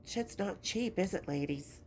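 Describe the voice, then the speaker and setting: A woman's voice: lowish voice, expressive, a little slow, darkish tone, breathy edge. A woman hosting her podcast in a casual, affectionate chat while sick and congested, swearing freely. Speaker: podcast host.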